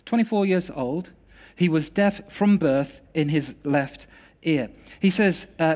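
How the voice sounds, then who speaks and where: A man with a notably high voice delivers a sermon as a personal story. He talks in a casual, animated way, tripping over words now and then as he tells it. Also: a little slow. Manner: animated, conversational storytelling with restarts. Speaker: preacher.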